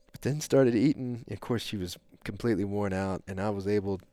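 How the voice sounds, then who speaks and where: A middle-aged man hosting a podcast, telling a long story in a rambling, animated way with lots of fillers. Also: lowish voice, normal speed, no room sound, studio quality. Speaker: podcast host. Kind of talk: casual storytelling chat.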